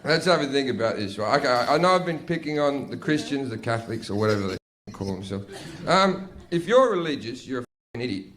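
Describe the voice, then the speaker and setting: A man's voice: medium pitch, expressive, brisk, a bit bright. A man doing a blunt, profane stand-up comedy routine in a loose, conversational storytelling manner. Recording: noisy live stand-up recording.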